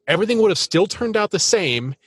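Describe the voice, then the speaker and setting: A man co-hosting a podcast in loose, rambling chat, jumping between jokes and musings. His voice is husky and a bit high for a man. The recording is dry with no room sound. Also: fast, no room sound. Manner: rambling, animated, self-mocking. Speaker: podcast co-host. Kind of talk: casual chat.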